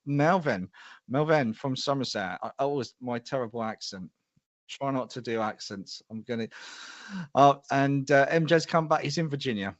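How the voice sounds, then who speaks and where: A man's voice: mid-range voice, normal speed, no echo, dull audio. A middle-aged man hosting a live show, chatty and self-deprecating as he greets viewers by name. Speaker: host.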